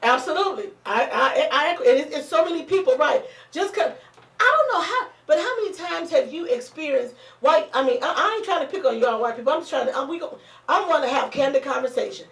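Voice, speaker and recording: Hoarse, blunt woman, high voice. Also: expressive, fast talker, a bit bright. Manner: blunt, profane, fired-up. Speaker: talk show host. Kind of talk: casual chat. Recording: roomy, distant mic.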